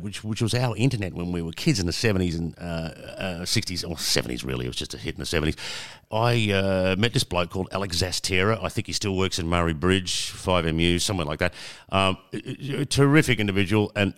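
A man's voice: sits low, fast talker, fairly bright tone. A middle-aged Australian man telling stories as a guest in a casual interview, rambling and self-mocking, with lots of fillers. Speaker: guest, radio broadcaster.

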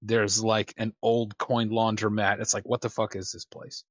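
A man's voice: on the low side, level tone, normal speed, no room sound. A man chatting loosely while playing a tabletop game on a live stream, rambling with many fillers and some swearing. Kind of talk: casual streamed game chat.

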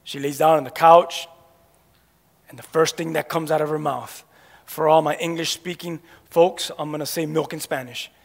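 A gravelly, somewhat high male voice with fairly even intonation and normal speed delivers a sermon. The pastor emphatically questions his congregation and pauses for their replies, his words echoing with long reverb through the church sanctuary.

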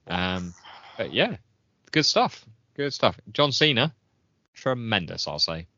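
A man, co-hosting a casual chat podcast, chatty and quick to laugh. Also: on the low side, big pitch swings, sharp tone, no echo, dull audio. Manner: chatty, laughs often, trails off. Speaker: podcast co-host.

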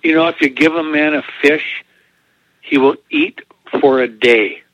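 A man's voice: on the high side, huge pitch swings, unhurried, creaky, a bit bright, no echo. A man co-hosting a casual chat show, telling corny jokes and chuckling at his own lines. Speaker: podcast co-host telling jokes. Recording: dull, lo-fi dry recording.

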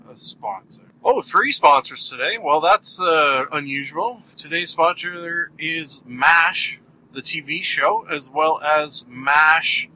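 Bright, playful male podcast host. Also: on the high side, a little hiss or hum, poor audio. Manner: playful and self-mocking, with jokey asides. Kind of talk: solo podcast monologue.

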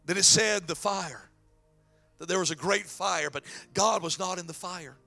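A man preaching a sermon as pastor, dropping to whispers and rising to shouts. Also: sits high, normal speed, creaky, soft background music. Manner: dramatic swings from hushed whispers to shouting.

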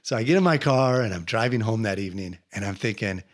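A man's voice: on the low side, fast. Young man telling a story. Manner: animated retelling with laughs and acted-out quotes. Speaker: podcast host. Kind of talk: casual storytelling interview.

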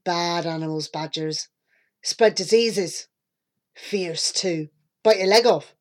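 A woman voicing a gruff, harsh farmer man in a storybook reading, with blunt, clipped phrasing. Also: fairly low pitch, slow pace.

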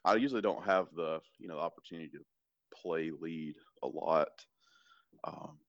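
A man's voice: extremely low pitch, moderate pace, a bit bright, no echo, dull audio. A man with a Southern US accent, a church worship leader guesting on a podcast, talking easygoing and rambling with many restarts. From American South. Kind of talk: casual chat.

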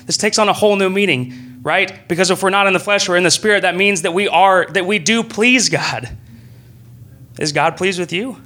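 A young man preaching a sermon in a church room, earnest and conversational, breaking into excited bursts. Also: high-pitched.

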